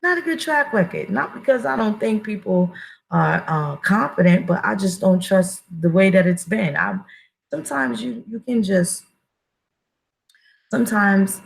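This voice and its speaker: A woman's voice: fairly low pitch, vocal fry, poor audio. A woman giving a blunt, profane casual monologue as an online commentator, emphatic and full of restarts.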